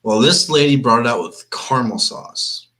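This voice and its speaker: A man's voice: mid-range voice, lively intonation, normal speed, pushed and bright. A young man from Michigan hosting a live sports watch-party stream, chatting casually and rambling with plenty of restarts. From Flint, Michigan. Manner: rambling, chatty, laid-back, repeats himself. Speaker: sports livestream host.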